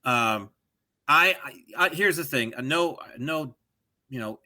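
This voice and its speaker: A middle-aged man co-hosting a podcast in casual chat, digressive and animated, drifting into joke voices. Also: medium pitch, takes it slowly. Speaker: podcast co-host.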